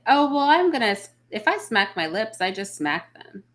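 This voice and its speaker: Answering her viewers' comments bluntly and with plenty of opinions, a mother of children hosts a relaxed live chat. She talks at a moderate pace in a medium-pitched, very animated voice.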